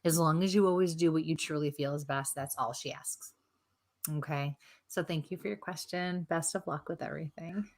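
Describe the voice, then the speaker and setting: A woman's voice: low voice, normal speed. A woman from the United States hosting a live psychic Q&A stream, chatty and teasing, laughing often. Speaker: psychic medium co-host.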